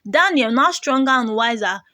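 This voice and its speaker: A woman narrating a moral folktale in a dramatic, measured reading. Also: a little high, lively intonation, sharp tone, dry recording. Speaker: storyteller.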